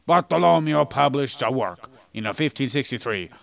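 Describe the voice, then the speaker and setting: A podcast co-host chats casually, explaining history and tossing in goofy jokes as he goes. His voice is mid-range and creaky, with lively intonation at a normal speed. The audio quality is poor.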